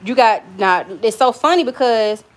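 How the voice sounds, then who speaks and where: Chatty Southern woman, slightly high voice. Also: lively intonation, normal speed. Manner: chatty, frank, storytelling, swears freely. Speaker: cooking vlogger. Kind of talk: casual livestream chat while cooking. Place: home kitchen.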